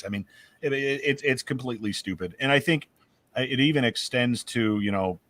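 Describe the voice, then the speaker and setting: A married man co-hosting a casual chat, telling stories with animated, opinionated swings and some swearing. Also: mid-range voice, moderate pace, no room sound. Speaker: podcast co-host.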